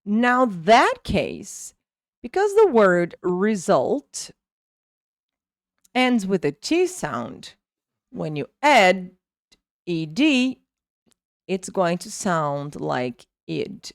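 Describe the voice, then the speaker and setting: Woman teaching pronunciation slowly. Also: mid-range voice, very animated, gravelly, no echo, studio quality. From Brazil. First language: Portuguese. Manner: slow, drawn-out model words. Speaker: English teacher. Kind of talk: pronunciation lesson.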